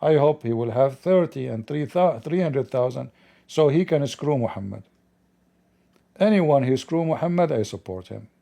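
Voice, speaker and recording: Male livestream host, gravelly and dark, sarcastic and mocking, non-native English delivery. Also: mid-range voice, expressive, normal speed. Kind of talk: livestreamed commentary.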